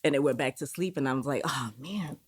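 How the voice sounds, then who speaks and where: A woman's voice: very deep voice, fairly quick, husky. A woman guest on a podcast, telling a personal story in a candid way and acting out the inner voices she heard. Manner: acts out inner voices in quoted dialogue; candid, uses swearing.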